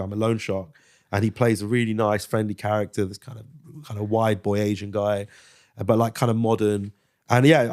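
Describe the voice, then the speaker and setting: A British actor and comedian in his thirties guests on a casual podcast interview, telling stories animatedly, swearing freely and slipping into impressions. His voice is fairly low and a little mellow.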